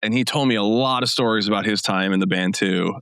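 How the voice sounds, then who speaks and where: A man hosting a podcast interview, relaxed and chatty, sharing a story with his guest. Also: on the low side, fast talker, smooth, no room sound, clean studio sound. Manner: relaxed, laughs along, short reactions. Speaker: podcast host. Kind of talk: casual interview chat.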